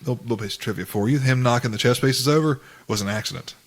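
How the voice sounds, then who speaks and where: A man's voice: medium pitch, racing. A man co-hosting a podcast, chatting casually and explaining at length, often repeating words as he gathers his thoughts. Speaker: podcast co-host with courtroom experience. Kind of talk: casual chat.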